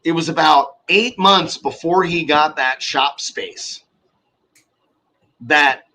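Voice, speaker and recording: A man's voice: fairly high pitch, slow, sharp tone. A man in his forties telling a long workshop story in casual, profane chat, acting out the people he quotes.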